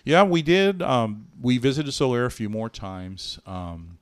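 A middle-aged man co-hosting a podcast, telling a personal story in an earnest, animated way with many restarts. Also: on the low side, measured pace, smooth, no echo. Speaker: podcast co-host. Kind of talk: casual storytelling chat.

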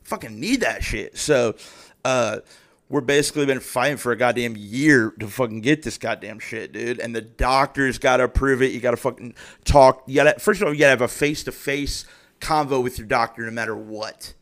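A man in his thirties rants on his own podcast in a heated, casual way. He swears in nearly every sentence and stumbles through restarts as his frustration builds. His voice sits at an ordinary mid pitch. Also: a little fast, a bit bright. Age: 30s. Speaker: podcast host. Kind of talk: profane casual rant.

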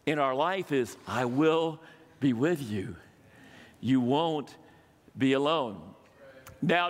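Older male pastor, fairly high voice, chatty sermon delivery, long hall reverb. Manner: conversational, asks the congregation questions.

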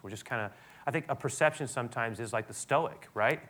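A man preaching a sermon, animated, building to loud emphatic peaks and dropping to soft tones, often restarting his sentences. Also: mid-range voice, normal speed. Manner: frequent restarts and repetitions. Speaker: pastor.

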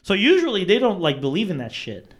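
Male storyteller, casual and profane, acts out quotes, higher-pitched. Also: wildly swooping pitch, fairly quick. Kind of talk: casual chat.

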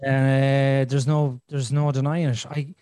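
A man's voice: medium pitch, level tone, takes it slowly, warm tone, clean tone, no room sound. A man in his thirties hosting a podcast, telling a frank, rambling personal story and swearing freely. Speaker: podcast host. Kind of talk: candid conversational storytelling.

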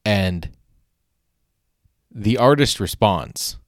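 This solo podcast host speaks in a lowish, animated voice, though very slowly. His talk is casual and meandering, wry and self-mocking, full of restarts and loose profanity, captured in clean studio sound with no room noise.

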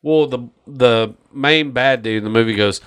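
A man's voice: mid-range voice, normal speed, a bit bright, smooth. A man on a casual podcast, ranting about a movie with heavy swearing and mocking quotes. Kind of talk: casual chat.

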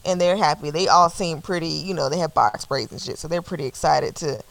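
A woman talks casually and animatedly on a podcast, swearing freely as she recaps an episode. Her voice has a noticeable creak, a gravelly edge running through her talk. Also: low voice, a little fast, a crowd in the background, rough recording. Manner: animated, swears freely, acts out characters' lines in a raised voice. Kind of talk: casual chat.

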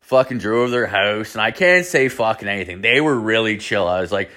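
A man's voice: fairly low pitch, brisk. A young man hosting a podcast, telling a story in casual chat, rambling and swearing heavily. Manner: heavy swearing, rambling and animated. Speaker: podcast host.

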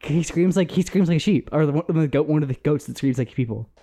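A man's voice: fairly high pitch, quick pace, dark tone. A young man co-hosting a casual podcast, teasing his friend with sarcastic, joking banter. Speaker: podcast co-host. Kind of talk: casual chat.

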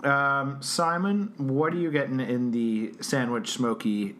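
A man's voice: medium pitch, fairly even intonation, fairly bright tone, a little hiss or hum. A man co-hosting a casual podcast who reads a menu aloud with jokes and frequent laughter. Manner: jokey, laughs often, drawn-out reading. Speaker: podcast co-host.

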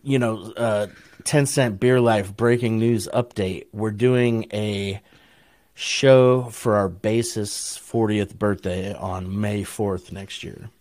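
A man's voice: on the low side, steady tone, slow, darkish tone, no room sound, studio quality. Laid-back, profane Ohio man storyteller. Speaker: podcast co-host. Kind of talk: casual chat, storytelling.

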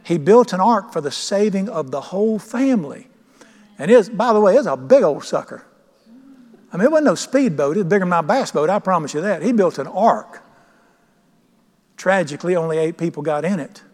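A man's voice: high-pitched, animated, brisk, a little mellow. Man preaching in a reverberant church. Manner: emphatic, asks the congregation questions. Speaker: pastor. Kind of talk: sermon. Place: church sanctuary.

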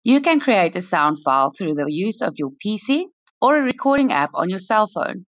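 A woman's voice: medium pitch, big pitch swings, moderate pace, no room sound. A young woman, a student formally opening and reading a prepared class podcast script. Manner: formal, welcoming opener. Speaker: student presenter. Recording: dry, dull lo-fi recording.

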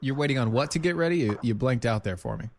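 A man's voice: medium pitch, expressive, fast, slight background noise. A man hosting a call-in show, chatting casually and joking with frequent fillers and restarts.

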